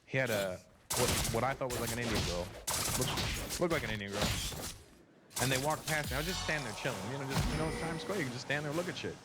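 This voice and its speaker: A man from Canada doing a stand-up comedy set, profane and animated, acting out voices. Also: mid-range voice, fast. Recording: stand-up audio under loud music.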